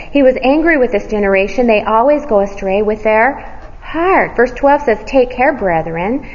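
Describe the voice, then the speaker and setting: A woman preaching a sermon. She asks the listeners questions and answers them herself, and she sometimes drops to a hushed near-whisper for emphasis. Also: on the high side. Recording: dull audio with long hall reverb.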